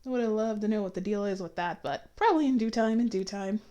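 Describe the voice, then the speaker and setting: A woman's voice: mid-range voice, fast, mellow. A woman giving an opinionated, chatty review with sarcastic asides. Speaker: YouTube reviewer. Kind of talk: casual review commentary.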